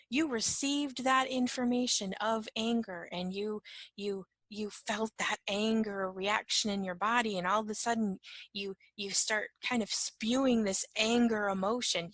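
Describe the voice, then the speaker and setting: Speaking in a medium-pitched voice on a dry recording, a woman who teaches as an empath delivers a casual lesson. She keeps checking in with "right?", plays out small dialogues, and at times lowers her voice to a soft whisper.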